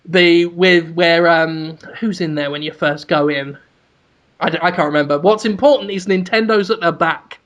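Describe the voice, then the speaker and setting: Male co-host, high-pitched, animated comic storyteller who breaks into shouts. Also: moderate pace, lo-fi sound. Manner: animated, sweary, bursts into shouted mock proclamations. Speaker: podcast co-host. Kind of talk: casual comedic storytelling.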